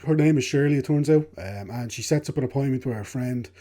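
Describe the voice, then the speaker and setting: A man co-hosting a film podcast, talking in a relaxed way about the story with plenty of hedges. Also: mid-range voice, quick pace. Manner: relaxed, hedging with fillers, laughs along. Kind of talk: casual film discussion.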